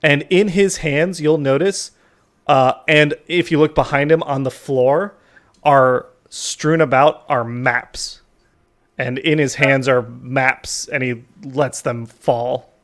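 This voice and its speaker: A man narrating a tabletop game as game master, casual and halting with many fillers. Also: mid-range voice, fairly even intonation, fairly bright tone.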